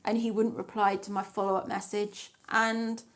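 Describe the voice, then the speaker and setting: A woman's voice: medium pitch, level tone, moderate pace. A young woman vlogger telling a dating story in a candid, sarcastic way, swearing casually.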